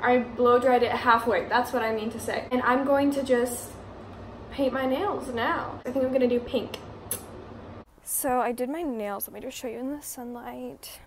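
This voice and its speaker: A woman's voice: a little high, steady tone, moderate pace. A teenage girl chatting in a bubbly, gushing way as she vlogs her day. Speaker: vlogger. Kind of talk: casual vlog. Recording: noisy background.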